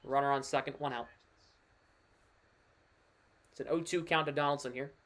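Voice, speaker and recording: A man's voice: medium pitch, moderate pace. Chatty man calling baseball play-by-play. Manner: chatty, excitable over big plays, with filler asides. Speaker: play-by-play streamer. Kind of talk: casual live play-by-play commentary.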